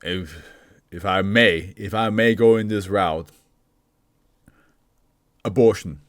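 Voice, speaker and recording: A man's voice: sits low, slow pace, dry recording, studio quality. A man hosting a reaction video, talking casually, laughing often and slipping into mock voices.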